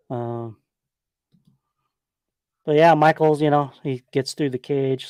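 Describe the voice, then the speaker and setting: A man's voice: medium pitch, a little mellow, no room sound. A man hosting a podcast, giving a loose, profane, rambling play-by-play of a horror movie. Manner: casual, profane, rambling with fillers. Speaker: podcast host. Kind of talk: casual movie retrospective commentary.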